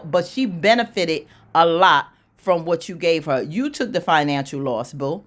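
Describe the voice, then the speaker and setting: A sassy woman host with a somewhat low voice, recapping a TV episode. She tells the story in a slangy, animated, casual way and laughs often. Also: measured pace, few pauses.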